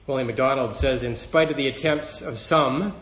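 A man's voice: mid-range voice, moderate pace, a bit bright, dull audio. Earnest male preacher in a roomy hall. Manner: earnest, rising in emphasis when quoting scripture. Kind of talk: sermon.

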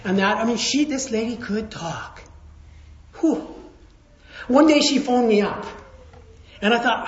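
High-voiced man preaching in a roomy space. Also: lively intonation, measured pace, pauses often. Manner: storytelling, conversational, swings from hushed to raised. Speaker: pastor. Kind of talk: sermon. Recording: roomy, slightly dull sound.

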